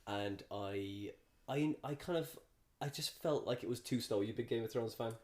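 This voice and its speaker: A man's voice: medium pitch, normal speed, a little mellow. A man who is a comedian, chatting as a podcast guest in a rambling way, swearing and restarting his sentences. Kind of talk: casual chat.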